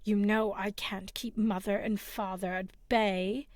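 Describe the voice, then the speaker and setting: A woman voicing a worried young nobleman in a whispered role-play, hushed and urgent. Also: medium pitch, flat delivery, unhurried, lightly acted.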